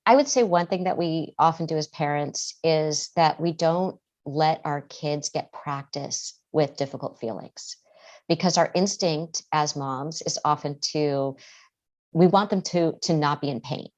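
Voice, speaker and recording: Earnest woman, slightly low voice. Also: a little slow, darkish tone. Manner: earnest, acts out parent and child voices. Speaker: guest therapist. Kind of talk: podcast interview answers.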